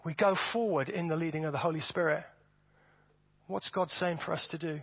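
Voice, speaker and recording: A man preaching a sermon to his congregation, animated and often repeating words as he builds his points. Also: on the high side, a little fast, husky, no room sound. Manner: animated, repeats words, acts out voices for effect. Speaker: pastor. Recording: dull, dry sound.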